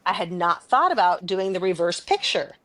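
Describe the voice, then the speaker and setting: Woman podcast co-host, casual storytelling, animated and chatty, dry close sound. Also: lowish voice, normal speed, no room sound. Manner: animated, chatty, laughs often.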